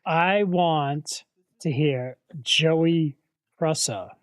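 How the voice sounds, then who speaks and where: A man's voice: on the high side, extremely slow, no echo. A man co-hosting a livestream, chatting casually and teasing the others. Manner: teasing, insistent. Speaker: co-host.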